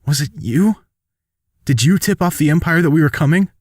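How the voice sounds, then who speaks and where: A man's voice: lively intonation, moderate pace, breathy edge, no room sound, clean studio sound. A man voicing a young furry alien woman, a determined militia fighter, in a raised earnest voice. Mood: desperate. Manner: pitched up, earnest, cries out in alarm.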